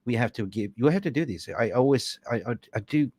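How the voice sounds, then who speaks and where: A man's voice: medium pitch, animated, fast, noisy background. A young man hosting a fan podcast livestream, effusively thanking supporters by name and stumbling over names. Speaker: podcast host.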